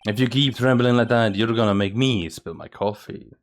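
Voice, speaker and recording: A man voicing a cool, smooth-talking male veteran lawyer who teases in a slow drawl. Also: medium pitch, fairly even intonation, natural voice. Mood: teasing. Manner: laid-back, teasing, slow drawl.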